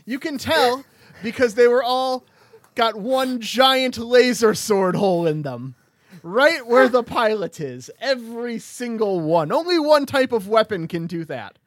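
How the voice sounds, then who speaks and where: Man doing a loud, high, pompous fake-British sleuth, yelled. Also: animated, unhurried, no echo, clean studio sound. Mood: pompous shouting. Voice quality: yelling, exaggerated pompous delivery. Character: shouting mock-British detective, adult man.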